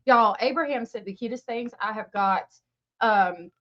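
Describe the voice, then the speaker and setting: A woman's voice: a little high, measured pace, fairly bright tone, dull audio. A woman hosting a livestream, chatting casually and gushing as she greets viewers by name. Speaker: livestream host. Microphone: webcam mic.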